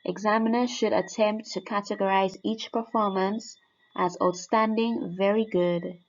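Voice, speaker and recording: A woman's voice: medium pitch, fairly even intonation, a little slow. A woman teaching, walking students step by step through a French oral exam mark scheme and repeating the key points. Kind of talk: exam guide lesson. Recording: dull lo-fi sound.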